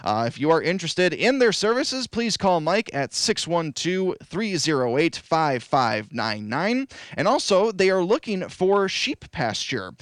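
A man hosting a local radio call-in show, friendly, repeating phone numbers slowly. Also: on the high side, big pitch swings, fairly bright tone, clean tone, no echo. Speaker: radio host. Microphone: studio microphone.

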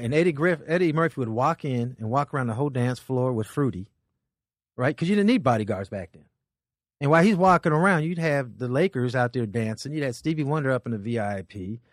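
Male comedian guest, lively pitch, dry close mic, rambling and animated. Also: dry recording. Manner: rambling, animated, with many restarts. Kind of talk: casual storytelling chat.

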